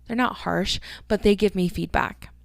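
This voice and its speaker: A woman's voice: mid-range voice, normal speed, creaky, no room sound. A woman in her thirties hosting a casual solo podcast, rambling and chatty, swearing freely. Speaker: podcast host.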